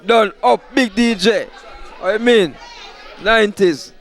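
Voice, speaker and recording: A man with a Jamaican accent giving excited shout-outs as an interviewer at a party. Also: sits high, slow, some chatter behind. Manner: excited, hyping. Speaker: event interviewer. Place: outdoors at a party.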